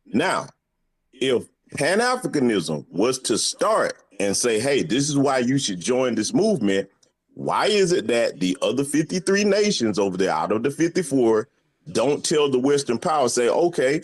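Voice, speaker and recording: A man's voice: mid-range voice, sing-song, moderate pace. A man laying out an argument point by point on a discussion panel, in a rhetorical manner. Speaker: panel speaker.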